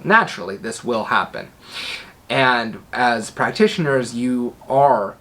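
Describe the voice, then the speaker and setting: A man's voice: medium pitch, a bit bright. A man teaching a class on persuasion. He demonstrates vocal tones, letting his voice drop on each command. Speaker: NLP trainer. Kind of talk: instructional talk to camera.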